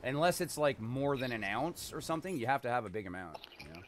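Canadian streamer, loose and profane, lively pitch, noisy game audio behind. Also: male voice, fast talker. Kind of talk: casual gaming chat with strangers.

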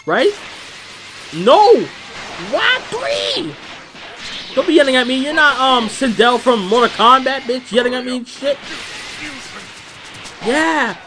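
A man commentating his own video game, hyped and loud, yelling and cursing at the characters on screen. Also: very high-pitched, expressive, a little slow, long pauses, over music. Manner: hyped, profane trash talk; yells at the screen. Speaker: gamer. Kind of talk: let's play commentary.

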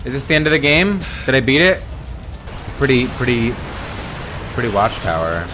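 A man's voice: medium pitch, normal speed, pauses often, sharp tone, a little hiss or hum. A young man giving live gameplay commentary as a streamer, jumpy and swearing, with sudden yelps and squeals. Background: game music.

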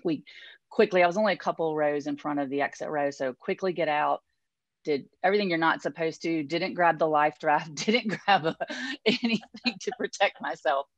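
A woman's voice: low-pitched, moderate pace, no echo. A woman guest on an interview, telling her story conversationally and acting out what people said. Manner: animated, acts out quoted voices. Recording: dull, dry sound.

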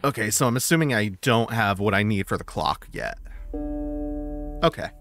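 A man streaming a video game, thinking out loud in casual commentary, swearing and laughing easily. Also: on the low side, big pitch swings, normal speed, faint music behind. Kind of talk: casual let's-play commentary.

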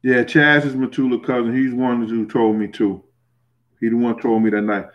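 A man's voice: mid-range voice, flat delivery, normal speed, highs cut off. A man with a New York accent hosting a casual livestream, reading the chat and telling stories in a streetwise, teasing way with frequent laughter. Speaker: host reading live chat.

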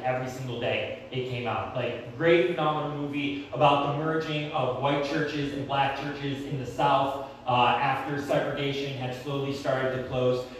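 A young man preaching a sermon in a church, telling stories in a conversational, animated way. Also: fairly high pitch, a little hiss or hum. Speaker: pastor. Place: church sanctuary. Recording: very echoey, from far off.

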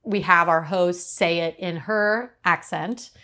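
A woman from Uruguay, a podcast host speaking lively on a panel and quick to laugh. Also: lowish voice. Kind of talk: panel discussion.

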